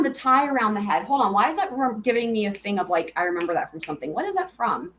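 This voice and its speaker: A woman's voice: medium pitch, expressive, fast, a bit bright. A woman hosting a live stream, chatting casually and giggling as she answers her viewers.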